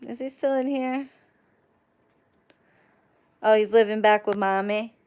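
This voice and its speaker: Young woman on a livestream telling a wild story, cussing nonstop, stopping to thank chat, smooth clear voice. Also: medium pitch, a little slow. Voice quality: profane, animated storyteller. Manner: reads and thanks chat viewers mid-story. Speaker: livestream host.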